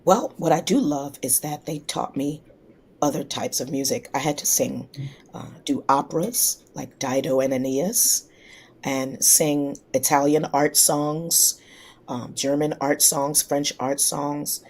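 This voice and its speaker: A singer from New York City, a woman, telling lively stories in a casual interview and acting out the people she quotes. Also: low-pitched, a little slow. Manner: lively anecdotes, acts out quoted voices. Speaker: singer guest.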